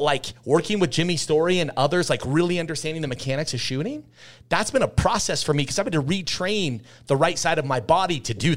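Intense, emphatic man in his thirties. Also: on the high side. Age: 30s. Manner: intense, emphatic, repeats phrases for weight. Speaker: podcast guest. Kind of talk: candid conversational storytelling.

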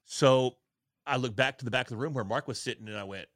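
A man in his forties, a podcast guest on a video call, telling candid stories in an earnest, energetic, self-deprecating way. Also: medium pitch, fast talker, dry recording. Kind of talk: candid conversational storytelling.

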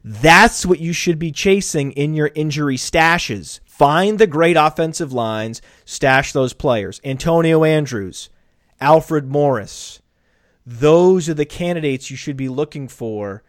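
A man hosting a podcast in casual analytical chat, brisk and stats-heavy with jokes thrown in. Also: a little high, no room sound, studio quality. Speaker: podcast host.

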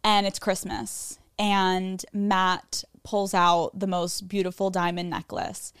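A woman hosts a solo podcast in a chatty, candid way, swearing freely and mocking herself. Her voice sits at a middling pitch. The recording is dry and close, with no room sound. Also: little pitch movement, slow, fairly bright tone, smooth, no room sound. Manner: candid, profane, self-mocking; chatty with frequent "like" fillers. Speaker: podcast host. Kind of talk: casual solo podcast storytelling.

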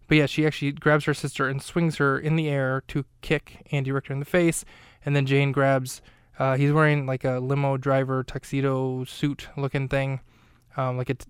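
Smooth-voiced chatty male podcast host. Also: medium pitch, no echo, studio quality. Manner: talkative, digressive, frequent fillers and self-corrections. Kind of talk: casual rambling recap of a film scene. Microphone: close studio mic.

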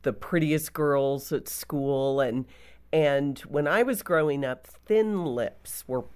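A woman co-hosting a family talk show, telling a childhood story gently and affirming the others. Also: a bass voice, takes it slowly, clear, resonant tone. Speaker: radio show co-host. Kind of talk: conversational interview.

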